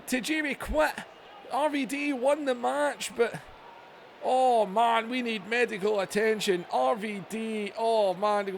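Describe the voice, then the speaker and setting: A man giving excitable play-by-play commentary over a video game, going from low chatter to yelling. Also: slight background noise. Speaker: gaming channel host.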